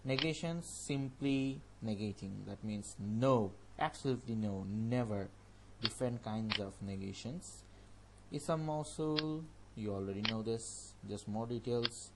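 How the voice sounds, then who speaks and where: A man's voice: on the low side, unhurried, background noise. A man teaching an online language course, previewing upcoming lessons in an informal, chatty way and thinking aloud as he goes. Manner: informal and chatty, talks a topic through out loud.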